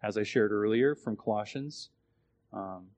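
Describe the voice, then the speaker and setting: A man preaching a sermon in a conversational style, asking his listeners questions and swinging between loud emphasis and quiet asides. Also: on the low side, a little slow. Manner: conversational, asks the audience questions.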